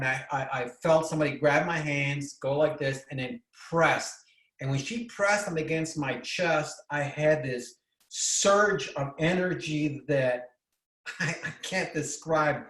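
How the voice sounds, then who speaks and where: Excitable man telling a story, echoey room. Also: a little high. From Bolivia. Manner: excited, rambling, with many restarts. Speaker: presenter. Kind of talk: personal storytelling.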